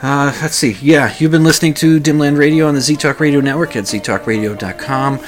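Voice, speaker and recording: A man's voice: on the high side, brisk, soft background music. A man hosting his own radio talk show, rambling casually with many hesitations, fillers and restarts.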